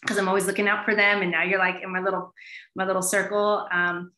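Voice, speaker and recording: A woman talking as an academic guest in an animated interview, with plenty of fillers. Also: medium pitch, fast. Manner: animated, many fillers like "you know". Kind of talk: conversational interview answer. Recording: roomy echo.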